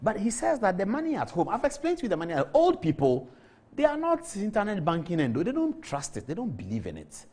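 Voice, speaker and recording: A man's voice: high voice, huge pitch swings, fairly quick, a little mellow, husky. A middle-aged Ghanaian man hosting a TV talk show, giving emphatic studio commentary on the news and repeating words for effect. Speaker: TV show host.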